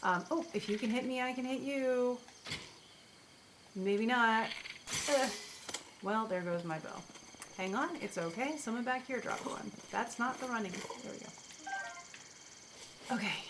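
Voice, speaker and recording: A woman's voice: fairly high pitch, a little slow, long pauses, background noise. A woman streaming a video game, chatting casually as she plays and talking to the creatures on screen and to her chat. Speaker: streamer and astrologer. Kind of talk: casual gameplay commentary.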